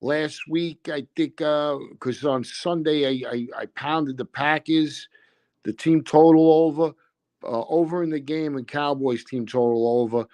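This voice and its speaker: A man appearing as a guest on a sports podcast, brash and joking, with fast wiseguy banter about his betting picks. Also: fairly high pitch, steady tone, a little mellow. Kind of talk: casual podcast chat.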